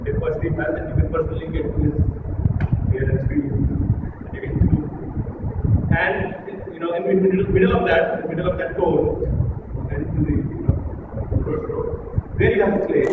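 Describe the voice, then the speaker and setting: A man giving playful, animated spoken feedback as a speech evaluator at a public speaking club. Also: a little high, brisk, long pauses. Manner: animated, playful, teasing, demonstrative. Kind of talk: live feedback talk to a small audience. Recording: echoey distant room recording with loud ambient hiss.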